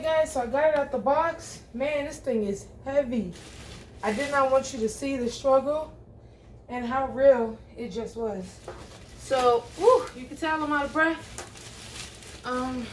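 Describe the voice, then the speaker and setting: A woman's voice: high-pitched, a little mellow, slight background noise. A woman talking casually to viewers while unboxing, chatty and informal, calling them guys and y'all. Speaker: vlogger.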